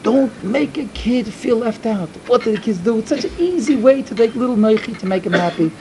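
A man's voice: very high-pitched, animated, a little fast, a little hiss or hum, poor audio. Emphatic man telling a sermon story. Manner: emphatic, repetitive, swings between loud and hushed. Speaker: yeshiva speaker.

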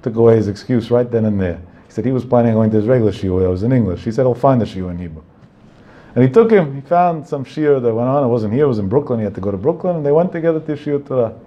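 A man's voice: mid-range voice, lively intonation, quick pace, muffled recording. A man giving a religious talk, telling anecdotes in a digressive way with Hebrew terms mixed in. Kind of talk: Torah talk with storytelling.

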